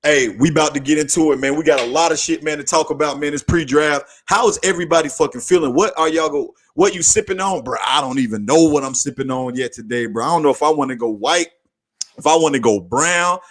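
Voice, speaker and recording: Male podcast host, slightly high voice, casual and profane, easily hyped into shouting. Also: fast. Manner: excitable, profane, slangy, breaks into shouting. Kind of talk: casual hyped sports talk.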